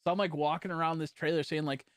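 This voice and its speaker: A man streaming a game, telling a long story in a rambling, profane way full of fillers, swinging between hushed and loud. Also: on the high side, fast, no room sound, studio quality. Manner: animated, jumping from hushed to loud. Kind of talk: casual storytelling while gaming.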